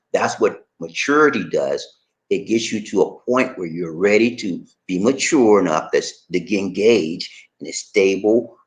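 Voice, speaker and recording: A man hosting a livestream, chatting casually and reading viewer comments aloud in an animated, laughing, drawling way. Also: low-pitched. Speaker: livestream host.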